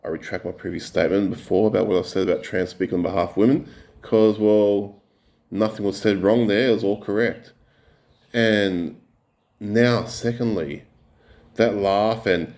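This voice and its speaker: An Australian man reacting to clips in a profane, mocking rant, his pitch jumping up when he gets heated. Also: steady tone, moderate pace, gravelly, a little mellow. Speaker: reaction video commentator.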